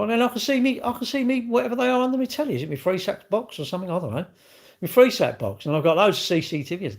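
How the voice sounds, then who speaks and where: A man's voice: high voice, rapid-fire, gravelly. A middle-aged man with a British accent, rambling bluntly in slangy casual chat while answering a livestream chat.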